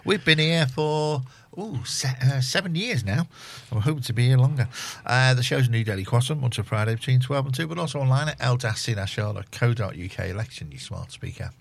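A man's voice: mid-range voice, lively intonation, a little fast, vocal fry, hardly any pauses. A man hosting a community radio show in a studio, chatty and self-mocking as he reads out the station details. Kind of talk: casual radio chat and station announcements. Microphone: studio microphone.

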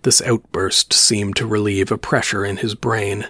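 A man reading a first-person horror story aloud in a measured, solemn way. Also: on the low side, level tone, pushed and bright, dry recording, studio quality. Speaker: audiobook narrator.

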